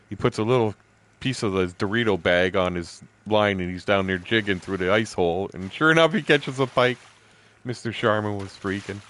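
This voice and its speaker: A man's voice: on the low side, brisk, a bit bright. A man in his sixties casually telling profane, rambling fishing stories while streaming a game, laughing often. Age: 60s.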